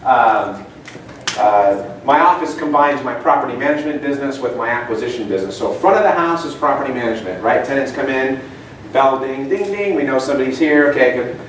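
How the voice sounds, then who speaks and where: A man's voice: mid-range voice, animated, brisk. A man giving a casual seminar talk, telling anecdotes and asking his audience questions. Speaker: seminar speaker. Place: meeting room. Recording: echoey room, distant mic, faint noise.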